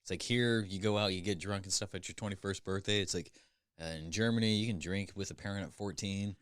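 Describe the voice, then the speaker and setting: A man's voice: sits low, steady tone, brisk, a bit bright, smooth, no echo, studio quality. A man co-hosting a podcast in casual chat, dropping wry teasing asides. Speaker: podcast co-host.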